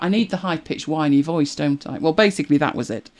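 Lively, exasperated woman, lower voice. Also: quick pace, hardly any pauses. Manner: animated and exasperated, laughing at herself. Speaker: YouTube creator. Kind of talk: casual chat to camera.

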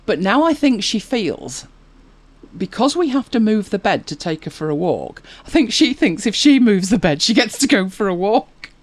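A podcast host with a medium-pitched, sing-song voice speaks at a moderate pace with no room sound. She runs a casual chat show, chatting away, telling anecdotes, reading viewer comments and laughing often.

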